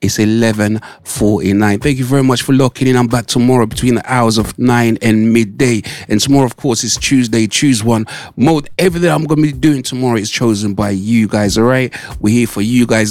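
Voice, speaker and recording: A man's voice: mid-range voice, darkish tone, no room sound. A man, hosting a radio show in casual chat, repeating himself and saying "mate" and "all right". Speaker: radio host. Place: radio studio.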